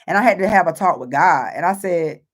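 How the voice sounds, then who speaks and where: A woman's voice: lowish voice, expressive, fairly quick. A woman hosting a motivational faith talk for her viewers, earnest and emphatic, repeating phrases and using many fillers as she encourages them. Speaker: host and author.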